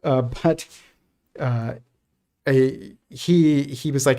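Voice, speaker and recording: Male streamer, middle pitch, loose rambling delivery full of restarts. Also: very slow, long pauses. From United States. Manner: rambling, many restarts and fillers, laughs softly. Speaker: host. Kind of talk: casual livestream commentary.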